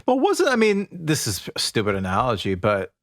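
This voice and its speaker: A man's voice: mid-range voice, huge pitch swings, moderate pace, fairly bright tone. A man co-hosting a podcast in casual chat, joking in easy back-and-forth with his partner. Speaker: podcast co-host.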